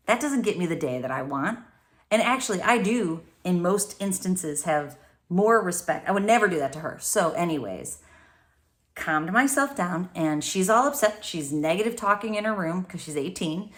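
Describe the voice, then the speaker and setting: A woman in her forties with a somewhat low voice, talking alone on a podcast. She tells personal stories in a chatty way and rushes ahead when she gets animated. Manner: chatty, storytelling, speeds up when excited. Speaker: podcast host and neuroscientist coach. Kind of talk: solo podcast monologue.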